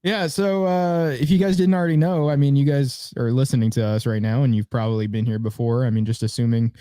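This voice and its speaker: A man's voice: medium pitch, fairly even intonation, fairly quick, dark tone, smooth, dry recording, studio quality. A young man co-hosting a podcast in casual chat, rambling with fillers and laughing often. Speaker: podcast co-host.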